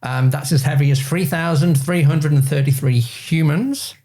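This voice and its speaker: A man's voice: on the high side, moderate pace, dark tone. A man hosting a casual panel chat, reading out facts and figures in an upbeat presenter's way. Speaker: quiz show host.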